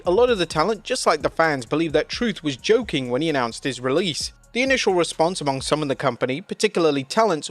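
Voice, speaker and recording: A man with a somewhat high voice reads scripted news narration. His delivery is steady and even, with a plain reporting tone. It sounds like a prepared script read straight through. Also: no room sound.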